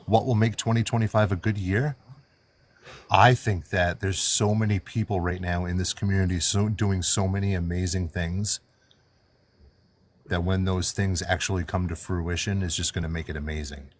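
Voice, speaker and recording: A man's voice: deep voice, steady tone, normal speed. A man hosting a live fundraiser stream, chatting casually and calling out auction bids. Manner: upbeat, auctioneer-like calls. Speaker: livestream host.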